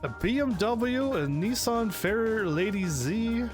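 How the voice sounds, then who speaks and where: A man hosting a let's play, reading game text aloud and reacting with excited, sarcastic commentary. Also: high-pitched, slow pace. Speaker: gaming channel host. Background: faint game music.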